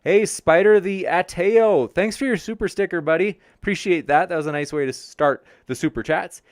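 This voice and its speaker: A man's voice: high-pitched, normal speed, dry recording, studio quality. A man hosting a debate livestream, reading and answering viewer chat in a friendly, upbeat way and stumbling over viewer names. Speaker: debate show host reading live chat.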